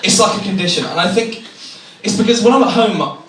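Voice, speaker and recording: A man's voice: sits high, a little fast, crowd noise. A young man from England performing a stand-up comedy set, telling self-deprecating stories and acting out the people in them. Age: young adult. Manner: self-deprecating, animated storytelling with acted-out voices. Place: comedy venue with a laughing audience. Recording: echoey room from far off, noisy.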